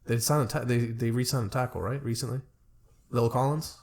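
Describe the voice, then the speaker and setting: Young man in relaxed, rambling sports chat. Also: mid-range voice, fairly quick, vocal fry. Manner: laid-back, rambling, fumbles names. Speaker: podcast co-host.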